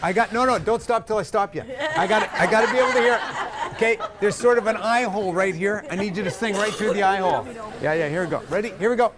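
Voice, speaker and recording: A male vocal coach leading a live group singing workshop, energetic and directive, joking with the singers. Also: high-pitched, fast, a loud crowd.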